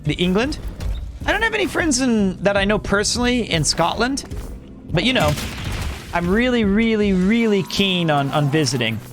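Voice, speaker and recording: A man's voice: high-pitched, big pitch swings, moderate pace, music in the background. A man streaming a video game, chatting casually and rambling as he answers his chat, often correcting himself. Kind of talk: casual live-stream chat while gaming.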